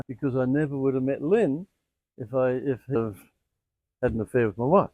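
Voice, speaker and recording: An older man who owns a sound healing center, telling animated stories in an interview. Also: medium pitch, moderate pace, no room sound, narrow, tinny audio. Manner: animated anecdotes with quoted dialogue. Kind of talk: storytelling in an interview.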